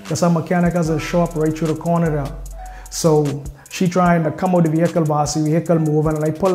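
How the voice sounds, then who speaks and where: A young man talks in a dark, low-key voice with very little rise and fall. He walks through his story step by step, with long strings of street directions. The room echoes, and faint music plays behind him. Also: level tone, moderate pace. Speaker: interviewee. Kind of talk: personal storytelling.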